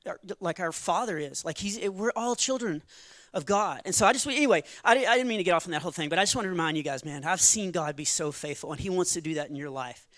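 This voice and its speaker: A middle-aged male comedian with a high, bright voice works a church stage through a handheld mic. He swings between sincere faith talk and quick self-mocking jokes, chuckling at his own lines. The sound is close and dry. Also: no echo. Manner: earnest then playful, quick asides, laughs at own jokes. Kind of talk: stand-up comedy with faith testimony. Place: church stage before a live audience.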